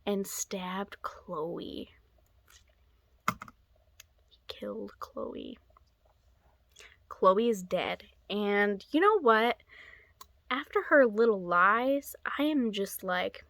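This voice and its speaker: A young woman talks through a book review at an unhurried pace, rambling from thought to thought and slipping into hushed whispered asides. Her voice sounds close and dry, with no room echo. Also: mid-range voice. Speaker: book vlogger. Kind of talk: casual book-review chat.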